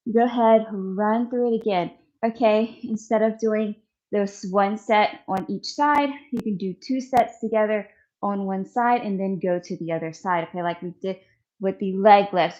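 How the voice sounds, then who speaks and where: A woman's voice: mid-range voice, a little mellow, highs cut off. A woman fitness instructor coaching a follow-along core workout, counting reps, encouraging and a little out of breath. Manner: encouraging, counts reps aloud, demonstrates while talking.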